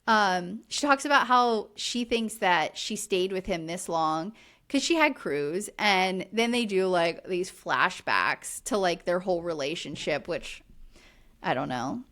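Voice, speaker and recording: A woman's voice: on the low side, animated, measured pace, a bit bright. A woman co-hosting a podcast, recapping reality TV in casual chat, chatty and exasperated, full of fillers. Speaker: podcast co-host.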